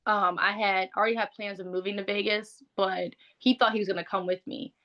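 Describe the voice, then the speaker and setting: A woman's voice: medium pitch, steady tone, brisk, lo-fi sound. Frank, chatty woman telling her story. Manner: frank, conversational, heavy use of "like". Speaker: interview guest. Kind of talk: candid personal storytelling.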